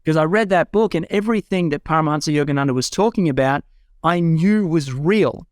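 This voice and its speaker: Fairly quick and on the high side, this man's voice comes through at studio quality without room sound. He's an Australian guest in his forties, frankly and earnestly narrating his personal life in conversation and rising into excited self-quotes, seated in a home room with a bookshelf.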